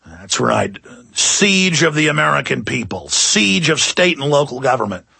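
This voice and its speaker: A talk-radio man in full rant, his voice forceful and gravelly and sitting a little high. He swings between heated warnings and sarcastic mockery, stretching out his "oh"s. The studio sound is close and dry. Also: sing-song, no echo. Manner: heated, sarcastic, mocking with drawn-out "oh"s. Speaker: radio talk show host. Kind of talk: ranting political commentary.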